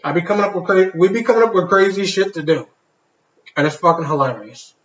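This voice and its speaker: A man's voice: high voice, fast talker, a bit bright. A man co-hosting a podcast, telling candid stories about his kid with plenty of swearing and restarts. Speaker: podcast co-host. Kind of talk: casual podcast chat. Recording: echoey room, dull lo-fi sound.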